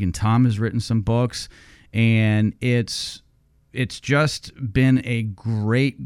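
A man's voice: medium pitch, a little mellow, dry recording. Upbeat male podcast host, dry sound. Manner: enthusiastic and chatty, laughs easily. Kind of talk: interview chat.

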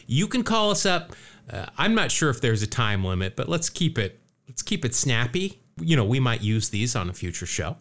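Lively-voiced man hosting a chatty podcast. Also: mid-range voice, normal speed. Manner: rambling, jokey, with many fillers and restarts. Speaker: podcast host. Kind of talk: casual podcast chat.

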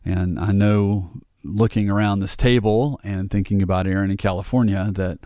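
Low-voiced man in his forties, wry. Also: fairly even intonation, normal speed, mellow, no echo, studio quality. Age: 40s. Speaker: podcast co-host and producer. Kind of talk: casual podcast chat.

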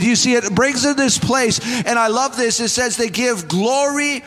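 A man's voice: very high-pitched, normal speed, few pauses, a bit bright. Impassioned man preaching in a reverberant hall. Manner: impassioned, rising to fervent calls to the congregation. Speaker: pastor. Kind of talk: sermon. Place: church sanctuary. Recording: long hall reverb with faint music.

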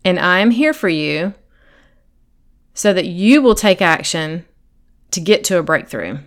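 A woman's voice: lowish voice, very animated, a little slow, a bit bright. A woman hosts a faith-based coaching podcast in an earnest, encouraging voice. She talks directly to one listener, now and then acting out that listener's inner thoughts as quotes. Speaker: podcast host and sobriety coach.

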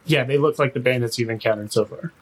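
Relaxed man running a tabletop game. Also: medium pitch, quick pace, slightly rough, rough recording. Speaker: game master.

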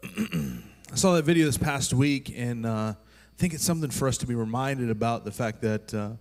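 Guy preaching, chatty, lots of uh's, mid pitch, big church echo. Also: moderate pace. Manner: relaxed, conversational with many fillers. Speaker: pastor. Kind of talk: sermon. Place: large church hall. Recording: long hall reverb.

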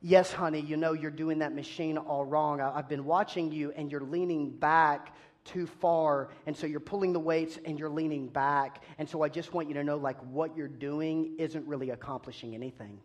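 A male preacher voicing a kindly elderly woman who gently corrects someone in a soft, quiet voice. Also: on the high side, fairly even intonation, normal speed, voice pushed down, natural voice. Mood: gently correcting.

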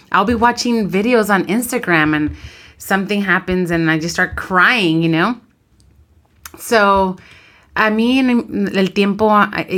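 A woman in her thirties talks frankly as a podcast co-host. She has a lowish voice and a lively, open way of telling stories. She mixes English and Spanish freely. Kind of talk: casual chat.

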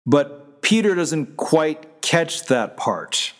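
A pastor preaching a sermon in an easy, conversational way, often restarting his sentences as he explains scripture. His voice sits a little high for a man, and it carries a long reverb from the church hall around him. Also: big pitch swings, drawn-out words.

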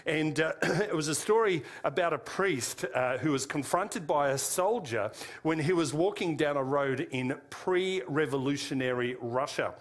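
A man's voice: on the high side, lively intonation, measured pace. A man with an Australian accent giving an informal sermon, with frequent fillers and self-corrections. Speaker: preacher. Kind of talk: sermon teaching.

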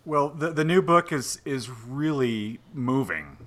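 Man, co-host, bright tone, earnest, casual interview. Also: medium pitch, animated, slow pace. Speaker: podcast co-host.

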